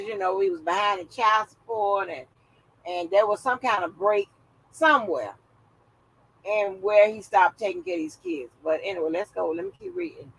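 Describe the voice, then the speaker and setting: Reading things aloud on her live stream, a woman reacts with casual, blunt commentary laced with profanity. Her voice is bright and clear in a mid-range pitch, and the audio is poor.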